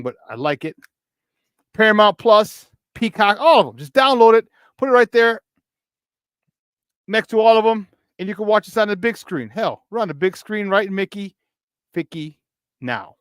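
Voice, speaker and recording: Hyped Chicago sports radio host. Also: male voice, sits high, expressive, normal speed, pauses often, clear, resonant tone, dry recording. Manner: hyped, playful, shouting out to viewers. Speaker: sports talk show host. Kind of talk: morning sports talk show opening.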